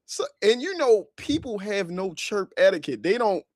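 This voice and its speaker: A man hosting a casual podcast, telling stories with lots of laughter and animated delivery. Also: high-pitched, moderate pace, dry recording, clean studio sound. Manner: animated storyteller, laughs a lot. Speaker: podcast host. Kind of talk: casual chat.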